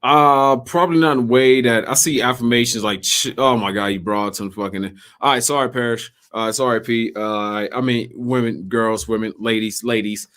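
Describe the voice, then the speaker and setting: Animated, profane man on a podcast. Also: medium pitch, moderate pace, hardly any pauses. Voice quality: profane, animated, slips into mocking impressions. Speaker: podcast co-host. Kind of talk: casual podcast chat.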